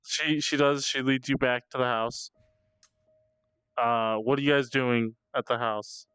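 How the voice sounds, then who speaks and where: A man's voice: mid-range voice, fairly even intonation, unhurried, fairly bright tone, clear, resonant tone, no room sound. A man narrating casually as game master, stammering over restarts as he describes the scene. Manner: stammering restarts, laughing asides.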